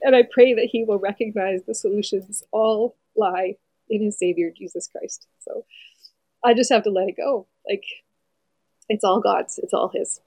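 A woman in her forties, a mother, talking earnestly and reflectively about her faith on a podcast, with soft laughs along the way. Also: medium pitch, fairly even intonation, moderate pace, no echo.

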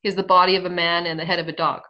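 Woman, thirties, casual radio storytelling, laughs often, heartfelt, slightly low pitch. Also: flat delivery, very fast, lo-fi sound, crowd noise. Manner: warm, laughs often, grows emotional. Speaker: radio program guest.

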